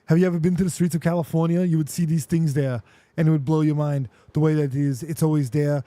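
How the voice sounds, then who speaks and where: A man doing an impression of a gruff, musclebound action-star governor, in a loud, gravelly, blustering voice. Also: a little high, steady tone, quick pace, no room sound, voice pushed down, natural voice.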